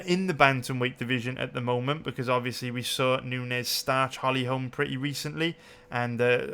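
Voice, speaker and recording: A man's voice: medium pitch, pushed and bright, clear, resonant tone. A young man hosting a betting channel, giving a brash, profane and emphatic casual breakdown while calling his viewers boys.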